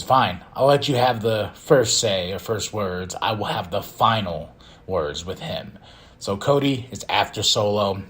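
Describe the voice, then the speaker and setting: A man hosting a podcast, recapping wrestling in a casual, excitable way and acting out quotes in loud bursts. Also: on the low side. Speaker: podcast host.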